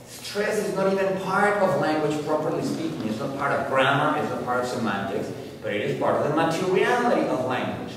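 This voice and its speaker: A man's voice: fairly high pitch, slight background noise. Man lecturing in an echoey hall. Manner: explanatory, emphatic, builds points with examples. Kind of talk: university lecture. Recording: echoey hall recorded from far off.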